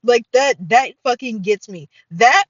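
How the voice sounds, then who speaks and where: A middle-aged woman hosting a casual solo podcast, excitable and full of fillers and swearing. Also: a little high, unhurried, dry recording, dull audio. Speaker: podcast host.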